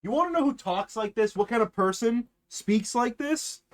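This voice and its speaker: Animated profane male streamer. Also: very high voice, normal speed. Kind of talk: casual live-stream chat.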